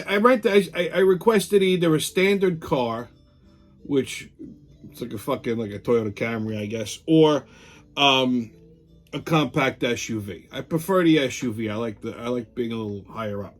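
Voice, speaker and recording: A middle-aged man, hosting a casual monologue show, blunt, profane and ranting. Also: mid-range voice. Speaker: podcast host.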